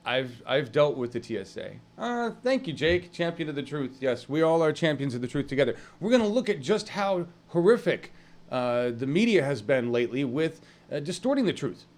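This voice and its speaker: A man hosting an online news stream in casual live talk, rambling and halting with many fillers as he greets viewers from the chat. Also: a little high, big pitch swings.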